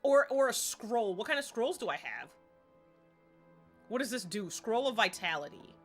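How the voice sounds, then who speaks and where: A woman's voice: fairly high pitch, sing-song, moderate pace, faint music behind. A woman livestreaming a game at home, chatty and self-deprecating in casual gameplay commentary.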